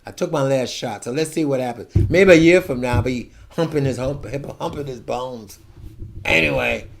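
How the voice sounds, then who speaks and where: A man in his seventies giving a rambling monologue to camera, ranting and digressive, with sudden swings from soft asides to loud outbursts. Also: mid-range voice, normal speed, creaky. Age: 70s. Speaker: vlogger.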